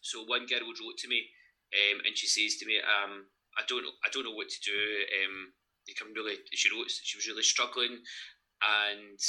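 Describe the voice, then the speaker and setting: A Scottish gym owner speaking candidly as an interview guest, rambling and earnest, with many restarts and the odd swear. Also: male voice, fairly low pitch, pushed and bright, poor audio. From Scotland.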